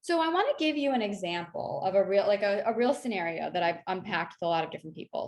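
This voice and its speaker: A woman leading a workplace workshop, speaking in a conversational coaching tone and often checking in with "right?" and "you know.". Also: mid-range voice. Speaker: workshop facilitator. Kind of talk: online workshop presentation.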